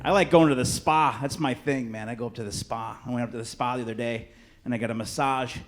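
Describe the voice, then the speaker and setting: A man's voice: mid-range voice, fairly even intonation, fast talker, soft background music. A man from Chicago performing a stand-up comedy set on a club stage, brash and punchy, working the crowd. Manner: crowd work, brash punchy delivery with swearing. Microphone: handheld stage mic.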